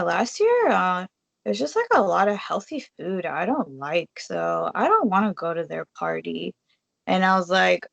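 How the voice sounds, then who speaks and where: Chatty woman with a gravelly edge. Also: on the low side, dry recording. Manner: chatty, filler-heavy, acts out her own quoted lines. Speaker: vlogger. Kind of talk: casual personal storytelling.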